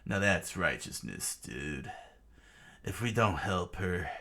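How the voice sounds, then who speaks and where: A man's voice: sits low, lively intonation, takes it slowly, pushed and bright, heavily acted. Luffy, a stubborn laid-back hero read by a man. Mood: defiant. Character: stubborn young male hero, loyal.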